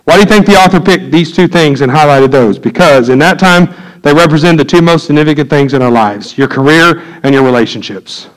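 A man, preaching a sermon in a church, swinging from loud emphatic peaks to low quiet asides. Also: a little fast, rough recording. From United States. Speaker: pastor. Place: church sanctuary.

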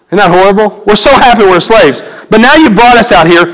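A man's voice: high voice, lively intonation, a little fast, fairly bright tone, big-room sound, rough recording. A man preaching a sermon as pastor, talking conversationally and asking the congregation questions.

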